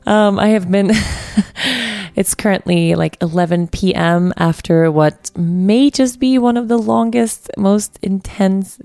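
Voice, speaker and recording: Tired, giggly woman with gravelly voice. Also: mid-range voice, takes it slowly, darkish tone, no echo. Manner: tired, giggly, rambling with restarts. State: exhausted. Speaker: podcast host. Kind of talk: casual late-night solo podcast. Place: quiet room at a retreat. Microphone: studio mic set up in room.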